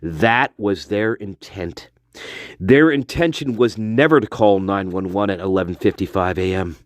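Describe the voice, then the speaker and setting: A livestream host with a lowish voice speaks unhurriedly into his phone, ranting angrily and profanely and repeating his points over and over. The sound is clean studio quality with no room sound.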